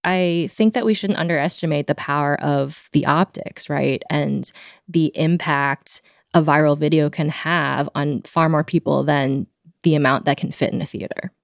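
A woman hosting a podcast, narrating a radio story in a measured, scripted way. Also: low voice, fairly even intonation, gravelly, no echo, clean studio sound. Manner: scripted storytelling with slow pauses. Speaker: podcast host.

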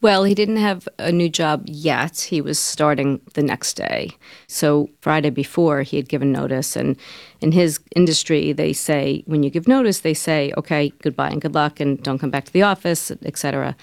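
A woman with a gravelly, fry-touched voice speaks to an interviewer in an earnest, urgent way. Her words come in quick runs. The recording is dry and close. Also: low-pitched, dry recording. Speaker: interview guest. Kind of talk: recounting in a broadcast interview.

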